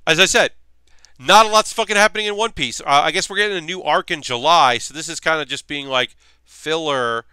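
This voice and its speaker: A man's voice: on the high side, a little fast, sharp tone, clean tone, no room sound. A young man hosting a livestream, rambling casually with lots of fillers between points. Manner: rambling, filler-heavy, chatty. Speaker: streamer hosting a model-building show.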